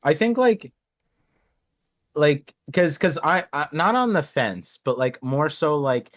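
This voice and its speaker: Rambling excitable man. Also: on the high side, slow pace. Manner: rambling, many restarts, lively impressions of characters. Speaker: podcast host. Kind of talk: casual chat.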